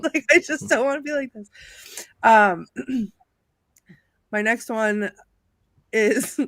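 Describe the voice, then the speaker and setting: A woman on a video call chatting excitedly with friends on a live stream, laughing often as she talks. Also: a little high, normal speed, no echo. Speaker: panelist. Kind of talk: casual chat on a live stream.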